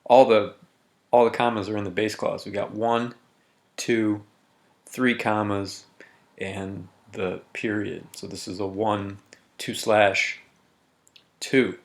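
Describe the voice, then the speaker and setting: Male teacher, lowish voice, methodical recorded lesson, slow emphatic reading of examples, faint typing behind. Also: flat delivery, creaky. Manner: methodical, reads example sentences slowly with emphasis. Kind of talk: recorded grammar lesson walkthrough.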